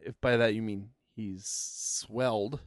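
A man's voice: on the low side, fairly even intonation, slow, no room sound. A man co-hosting a casual geek podcast, dry and joking, often trailing off with a shrugging aside. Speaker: podcast co-host. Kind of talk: casual chat.

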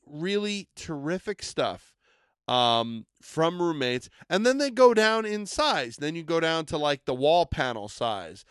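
A man's voice: on the high side, fairly bright tone, clear, resonant tone, dry recording, clean studio sound. An enthusiastic man co-hosting a casual podcast, rambling a bit as he hypes collectible toys and products.

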